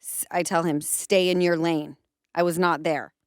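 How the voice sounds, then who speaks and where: A woman in her thirties hosts a casual podcast, telling a story and putting on other people's voices as she goes. Her voice is smooth and clear, at a middle pitch, and it sits close in a dry room. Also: moderate pace, no echo. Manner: animated storytelling, acts out quotes. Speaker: podcast host.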